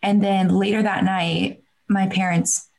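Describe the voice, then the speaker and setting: A woman's voice: medium pitch, flat delivery, unhurried, darkish tone, low-quality recording. A woman from the Midwest, a podcast guest on a video call, telling a story in a chatty way with many fillers and restarts. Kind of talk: casual storytelling.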